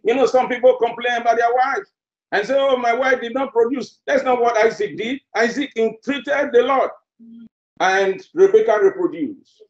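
A man's voice: extremely high pitch, moderate pace. A male preacher delivering a sermon, emphatic and repeating phrases for effect. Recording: roomy, dull lo-fi sermon recording.

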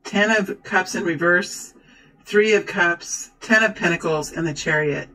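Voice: medium pitch, a little slow, low-quality recording. A tarot reader talking to viewers during a card reading, gushing and exclaiming. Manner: excitable, exclaims and gushes.

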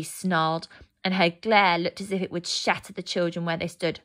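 A woman narrating a fairy tale aloud, gentle and expressive. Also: lowish voice, moderate pace. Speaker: storyteller. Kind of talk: storybook narration.

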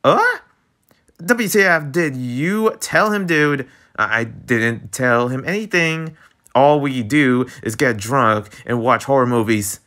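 A young man reading a romance webtoon aloud, breaking off into excited, reactive commentary. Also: medium pitch, takes it slowly. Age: young adult. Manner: animated, jumps between reading and excited reactions. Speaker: webtoon reader.

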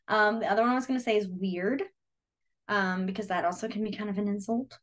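A young woman teaching a beginners' sign language class, chatty and full of fillers, telling lively classroom stories. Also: medium pitch, a little fast. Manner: chatty, filler-heavy, animated storytelling. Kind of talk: casual teaching with anecdotes.

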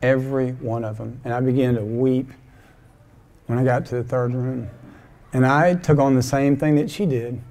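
A man's voice: mid-range voice, steady tone, moderate pace, a little mellow. A middle-aged man pastor telling a personal story in a folksy, conversational sermon, acting out bits of dialogue. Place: church sanctuary.

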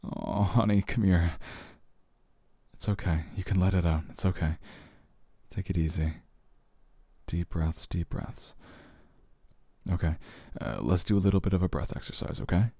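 A man in a whispered role-play as a comforting boyfriend, speaking softly and gently, with hesitant fillers, quiet sighs and slow, soothing phrasing. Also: low voice, gravelly, no echo. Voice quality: soft, gentle and reassuring, with sighs and quiet laughs.

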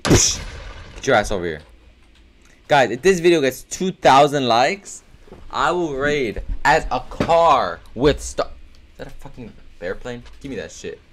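Excitable, foul-mouthed gamer man. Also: medium pitch, a little slow, slight background noise. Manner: excitable, profane trash talk. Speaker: gaming video creator. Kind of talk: live gameplay commentary.

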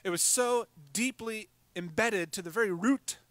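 A male pastor preaching a sermon in a conversational way, with fillers and quick asides. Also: sits high, a bit bright, no echo.

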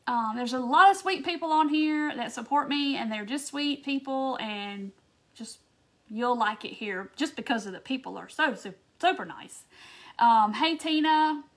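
A Mississippi woman with a Southern accent hosts a live crafting stream, chatting bubbily and greeting viewers by name. She has a high voice and talks at a normal speed in this casual live-stream chat.

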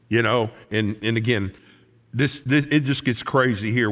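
A male pastor preaching a sermon in a church, animated and folksy, with frequent asides to the congregation. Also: medium pitch, measured pace, long reverb tail. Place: church sanctuary.

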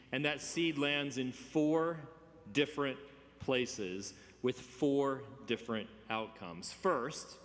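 A man in his fifties preaching a sermon, conversational with gentle humor and emphatic stresses. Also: medium pitch. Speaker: pastor. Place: church sanctuary. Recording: reverberant church sanctuary.

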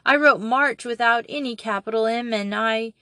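A woman's voice: a little high, moderate pace, pushed and bright, no room sound. A woman reading a storybook and voicing an anxious, tearful nine-year-old girl in a plaintive, upset way. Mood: miserable.

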